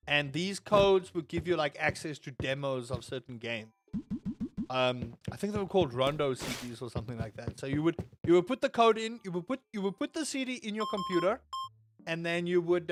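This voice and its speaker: High-voiced rambling streamer guy. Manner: rambling, animated, lots of restarts and grumbling asides. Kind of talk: casual live-stream chat while playing.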